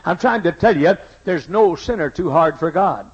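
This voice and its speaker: A man's voice: high-pitched, lively intonation, moderate pace, hardly any pauses, breathy edge, lo-fi sound. An older man preaching a sermon, telling stories emphatically and repeating his key lines, with folksy asides. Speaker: pastor. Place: church sanctuary.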